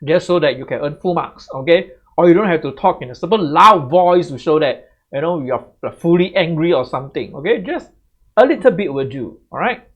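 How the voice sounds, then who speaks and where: A man's voice: on the high side, animated, a little fast. A man giving exam tips as a tutor, in a chatty way that keeps checking back with "right?". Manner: conversational, tags sentences with "right?". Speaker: English tutor. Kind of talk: exam tips lesson to camera. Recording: slightly muffled lo-fi audio.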